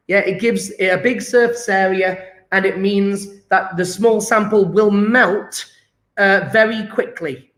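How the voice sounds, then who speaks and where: A man's voice: high-pitched, fairly bright tone. A man teaching a chemistry lesson online from home, chatting casually and repeating phrases as he writes them down. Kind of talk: online lesson, explaining while writing notes. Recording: echoey room.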